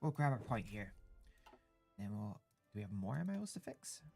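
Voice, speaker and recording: A woman's voice: a bass voice, very animated, a little mellow, slightly rough, dry recording, faint music behind. A Scottish woman, a game developer, chatting casually and reacting upbeat during a livestream. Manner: upbeat, quick reactions and agreement. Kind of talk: casual livestream gameplay chat.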